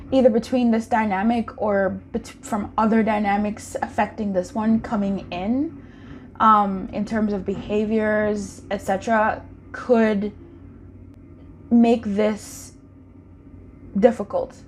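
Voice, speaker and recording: A woman talks through a casual pick-a-card tarot reading in a chatty, intimate way. She croons sing-song calls to the viewer and slows right down to stretch words when she makes a point. A faint hiss sits under her voice. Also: medium pitch, steady tone.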